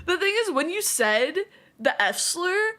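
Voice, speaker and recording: A young woman chatting casually on a live stream, talking fast, giggling and fretting over how she pronounces words. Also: extremely high pitch, very animated, pushed and bright. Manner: fast-talking, giggly, self-conscious about her pronunciation.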